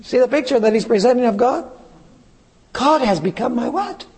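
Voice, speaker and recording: A man preaching a sermon, reading scripture aloud slowly and putting questions to his listeners. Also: very high-pitched, animated, darkish tone, long reverb tail.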